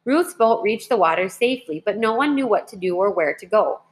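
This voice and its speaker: A woman teacher reading a children's history book aloud in a clear, measured way. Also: medium pitch, animated.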